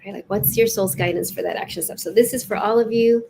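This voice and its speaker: A woman hosting a live spiritual session, chatting casually and reading oracle cards aloud in an expressive, lilting way. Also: mid-range voice, fast, vocal fry, noisy background. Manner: warm, chatty, lilting and expressive, with soft laughs.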